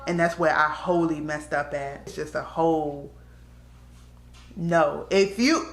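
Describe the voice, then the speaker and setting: A woman shares her story in a frank, conversational way, her voice sitting on the low side. The sound bounces around the room with a noticeable echo. She talks casually to her audience like a friend. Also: unhurried, slight background noise. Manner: candid, conversational, slips into quoted voices. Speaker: vlogger. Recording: echoey room.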